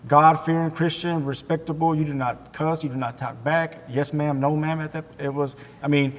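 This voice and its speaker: A man in his forties from Texas, telling his life story as an interview guest in a halting way, with restarts, acting out the voices of people in it. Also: fairly even intonation. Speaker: guest sharing his testimony. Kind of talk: emotional personal storytelling in an interview. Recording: long hall reverb with faint rumble.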